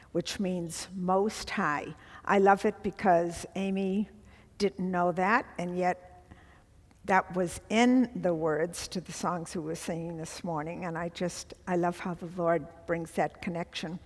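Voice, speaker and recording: A woman's voice: lowish voice, long reverb tail. A middle-aged woman leading a women's Bible study, teaching earnestly with emphatic asides to the group.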